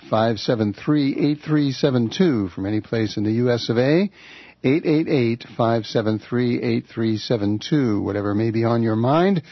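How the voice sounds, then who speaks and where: A man's voice: mid-range voice, breathy edge, no echo, muffled recording. A man guest-hosting a political talk radio show from a studio, talking in a conversational, wry way with filler uhs.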